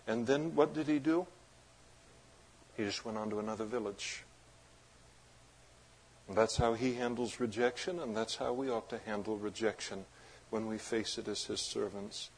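A man preaching a sermon as pastor, moving between loud emphatic passages and low, quiet explanation. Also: unhurried, long pauses, breathy edge.

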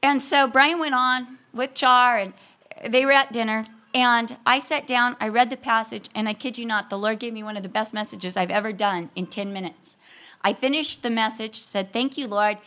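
A woman with a fairly high, bright voice tells a story about marriage in an animated, humorous way. She acts out every quoted line as she goes. She sounds like a speaker addressing a room of women. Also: moderate pace.

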